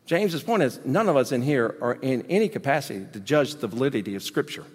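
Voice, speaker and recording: A man preaching a sermon as pastor, animated, swinging between loud emphasis and quiet asides. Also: mid-range voice, fast talker, slightly rough. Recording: long hall reverb.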